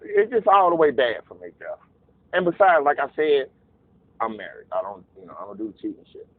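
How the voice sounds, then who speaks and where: A man telling a casual, profane story, animated and acting out voices in quotes. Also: mid-range voice, fairly quick, dry recording. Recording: narrow phone-like dry sound.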